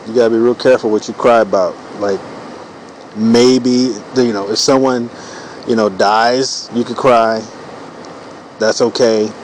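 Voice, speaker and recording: A man's voice: medium pitch, steady tone, measured pace, long pauses, a little hiss or hum, poor audio. A man in his forties riffing through a loose, profane comedic monologue while he draws cartoons, full of "you know" fillers. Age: 40s. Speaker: streamer drawing cartoons.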